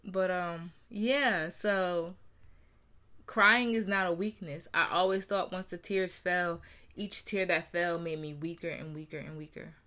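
A woman in her thirties from New Jersey speaks in a personal, reflective talk. Her voice is bright and forceful but sits fairly low, and she leans on repeated phrases to drive her point home, earnest and candid throughout. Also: steady tone, measured pace. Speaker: mother sharing her story.

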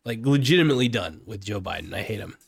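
A man's voice: on the low side, expressive, fast, gravelly, breathy edge, no room sound. A man from Oregon giving an angry, profane, rambling political rant for his vlog, speaking close to the mic. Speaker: political vlogger.

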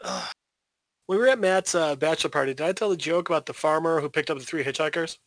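A man's voice: on the high side, fast, dry recording. A man co-hosting a podcast, telling jokes in a loose, rambling way full of "uh"s. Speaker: podcast co-host. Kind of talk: casual joke-telling chat.

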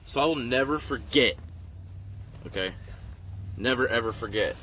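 A man's voice: mid-range voice, normal speed, fairly bright tone. A young man telling stories in a casual, profane, rambling way, full of "like". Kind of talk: casual storytelling chat. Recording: faint background noise.

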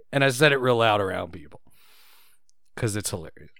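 Podcast co-host, male, jokey and giggly; smooth, animated delivery, dry close mic. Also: lowish voice, normal speed, no echo. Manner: jokey, laughs often, repeats phrases. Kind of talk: casual podcast chat, reading news items.

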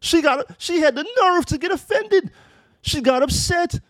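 A man's voice: very high-pitched, unhurried, a bit bright, no room sound. A man in his thirties giving a blunt, profane opinion monologue and telling a story from his own life. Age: 30s. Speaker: commentator.

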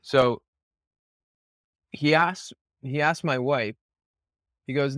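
Guy in his 30s, casual podcast chat, animated and swears a lot, dry mic. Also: mid-range voice, measured pace, pauses often, no echo. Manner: storytelling, animated, swears freely. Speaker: podcast host.

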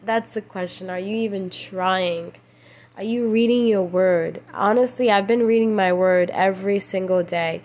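A woman's voice: medium pitch, moderate pace, darkish tone. A young woman hosting a casual faith podcast late at night, tired and emotional, rambling with slang and many restarts. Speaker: podcast host.

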